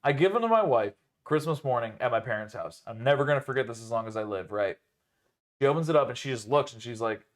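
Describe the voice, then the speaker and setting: A man's voice: mid-range voice, expressive, quick pace. A young man co-hosting a podcast, telling rambling, profane stories in casual chat and leaning on filler words.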